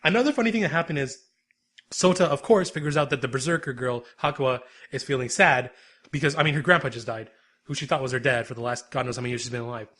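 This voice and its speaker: A man co-hosting a podcast, recapping an episode in a lively, rambling, casual chat. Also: mid-range voice, quick pace. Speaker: podcast co-host.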